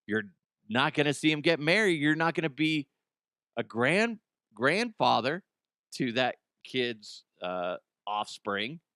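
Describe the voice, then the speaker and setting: A man's voice: medium pitch, very animated, takes it slowly, bright, forceful tone, smooth, dry recording, studio quality. A man hosting a comedic news show, rambling bluntly through headlines, swearing and laughing at his own jokes. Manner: casual, blunt, frequent restarts. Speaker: host.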